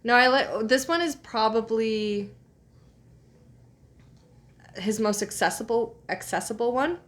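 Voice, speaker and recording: A woman's voice: fairly high pitch, unhurried, fairly bright tone. A woman chatting casually while playing a game, giggling often and full of filler words. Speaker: co-host. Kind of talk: casual chat while gaming.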